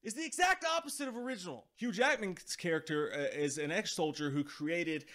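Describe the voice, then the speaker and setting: A man's voice: fairly high pitch, fairly quick, fairly bright tone. A man hosting a movie review vlog, ranting with profanity and exasperation, sometimes mocking characters. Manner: slips into mocking impressions of characters.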